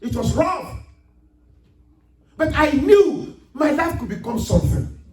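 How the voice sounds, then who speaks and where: A pastor preaches a sermon slowly in a high, lively voice, breaking into emphatic shouts on the scripture. The recording is roomy and echoing, captured from a distance in a church hall.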